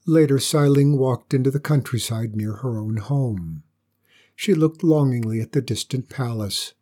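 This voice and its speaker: A man reading a storybook aloud as narrator, in a calm, steady manner. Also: medium pitch, unhurried.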